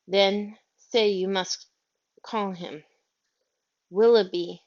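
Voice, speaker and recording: A woman voicing a prim, self-assured nanny who speaks crisply and matter-of-factly, in a storybook reading. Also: mid-range voice, steady tone, very slow. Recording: dull lo-fi audio.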